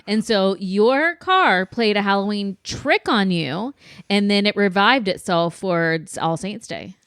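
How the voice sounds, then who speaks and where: A woman's voice: mid-range voice, a little slow, clean tone, no echo, clean studio sound. A woman co-hosting a podcast, teasing her co-host and telling family stories in casual chat. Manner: teasing, lively storytelling.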